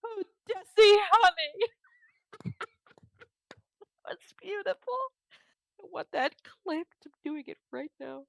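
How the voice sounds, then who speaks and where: A woman streamer chatting excitably and giggling during a let's play. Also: sits high, slow pace, gravelly, long pauses, no room sound. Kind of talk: casual let's play chat. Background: loud game music.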